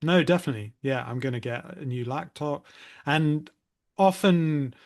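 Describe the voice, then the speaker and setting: A man's voice: a little high, normal speed. Male podcast co-host asking tag questions. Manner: conversational, asks tag questions, hedging. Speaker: podcast co-host, English teacher. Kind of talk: casual podcast chat.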